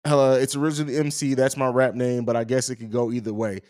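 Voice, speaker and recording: A man's voice: medium pitch, flat delivery, fast talker, a little mellow. A young man hosting a casual live stream, talking in slang and reading viewer comments aloud. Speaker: host of a fan live stream.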